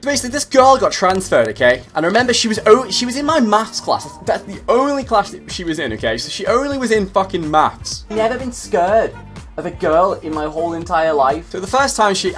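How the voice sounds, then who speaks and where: A young British man in his twenties, telling a story to camera in a casual, profane, comedic way. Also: on the high side. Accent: British English. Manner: profane, animated, comedic exaggeration. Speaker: YouTuber.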